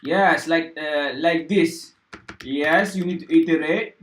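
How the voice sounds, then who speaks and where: A man's voice: fairly high pitch, takes it slowly. A man putting on a made-up accent to play a coding tutor who over-explains each step. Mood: lecturing. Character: put-on accented male coding tutor, lecturing. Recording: roomy echo.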